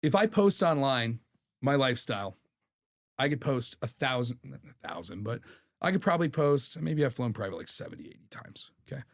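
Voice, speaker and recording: A man's voice: mid-range voice, lively intonation, moderate pace. A man in his thirties, a podcast guest telling stories in a candid, profane way. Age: 30s. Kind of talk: casual chat.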